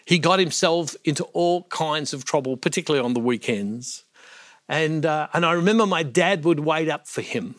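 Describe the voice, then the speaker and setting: A man's voice: on the high side, a bit bright, no room sound, studio quality. A middle-aged man hosting a daily devotional reflection. He speaks in an earnest, heartfelt way and repeats words when he is moved. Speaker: Catholic ministry host.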